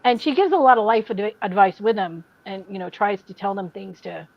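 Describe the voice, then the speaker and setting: A woman's voice: mid-range voice, brisk, creaky. Woman podcast host, chatty storyteller, dull lo-fi recording. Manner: animated storyteller, mimics people she describes. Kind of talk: casual chat.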